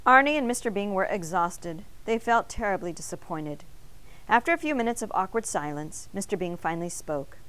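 A woman teacher reading a picture book aloud in an expressive storytelling manner. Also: mid-range voice, brisk, clean tone.

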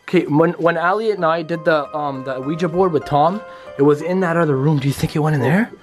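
Soft music plays behind a young vlogger whose slightly high voice moves briskly. Hosting a jittery ghost hunt in the basement of a run-down house, he keeps repeating himself and talks straight to his viewers.

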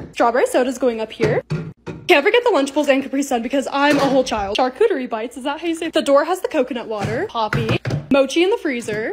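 A young woman in her twenties narrating her own lifestyle vlog, bubbly and excitable as she talks through each project. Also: high-pitched. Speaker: lifestyle creator.

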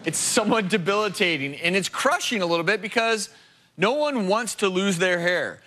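A man's voice: sits high, lively intonation, normal speed, bright, forceful tone. A man hosting a TV talk show, presenting in a studio with an audience and addressing them directly.

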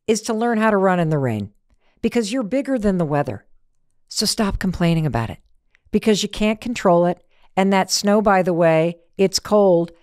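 A woman hosts a motivational podcast in a lively, emphatic voice of middling pitch. She peppers her talk with rhetorical questions and little acted-out asides. The sound is dry and close. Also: no room sound. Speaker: podcast host.

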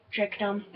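A young woman commentating her own shooter gameplay, swinging between easy chatter and yelling and swearing at other players. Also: fairly high pitch, background noise. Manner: excitable, yelling and swearing at opponents. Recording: dull lo-fi sound.

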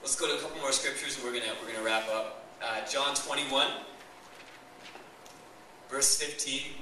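A man's voice: medium pitch, steady tone, moderate pace, pushed and bright, a little hiss or hum. A young man preaching a sermon as pastor, enthusiastic and conversational, recorded in a church hall. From Canada. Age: young adult. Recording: echoey church hall, mic far off.

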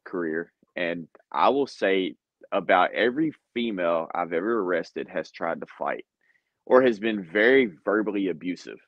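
This is a man of medium pitch trading police stories in a lively, casual way, breaking into laughs between phrases. The recording is dull and lo-fi, with a dry, close sound. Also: normal speed, no echo. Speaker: guest, police officer. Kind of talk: casual storytelling chat.

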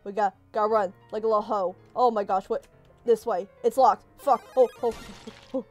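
A woman's voice: a little high, fairly even intonation, normal speed, darkish tone, soft background music. A woman giving live gameplay commentary. She is jumpy, swears a lot and talks back to the game characters. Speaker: let's play gamer.

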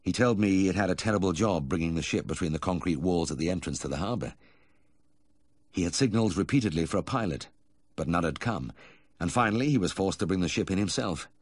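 Deep-voiced man narrating an audiobook. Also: animated, fast talker, no echo.

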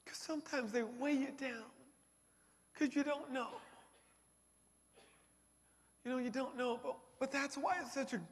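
A middle-aged man with a high voice gives a personal testimony at a conference. He moves from hushed to forceful and emotional. His words ring out with a long reverb across a large hall. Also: a little slow, pauses often. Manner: emotional, builds from quiet to loud. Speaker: conference speaker. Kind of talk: testimony talk.

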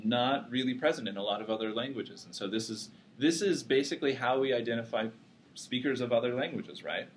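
A man's voice: mid-range voice, slight background noise. Man lecturing in a casual, joking tone. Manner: casual, joking, self-deprecating. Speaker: psychology lecturer. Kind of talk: classroom lecture. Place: classroom with students.

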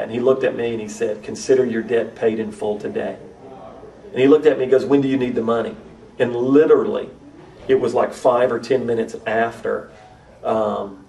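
A man's voice: mid-range voice, creaky, mellow, recorded from a distance, poor audio. A man, a missionary to urban youth, earnestly telling a personal testimony at a church conference, often repeating and restarting phrases. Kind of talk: testimony storytelling.

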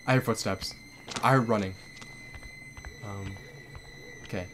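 A man hosting a horror game let's play, reacting out loud, swearing often and bursting into startled shouts. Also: fairly low pitch, a little slow, background noise. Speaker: gaming channel host.

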